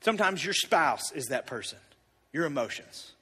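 A man in his thirties telling a personal story in a sermon, animated and confessional, with big swings in volume. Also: a little high, normal speed, husky, in a large hall.

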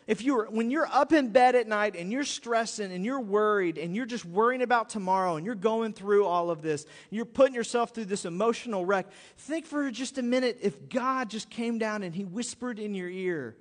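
A man preaching a sermon in an animated, pleading and joking way to his congregation. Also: high-pitched, moderate pace, in a large hall. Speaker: pastor.

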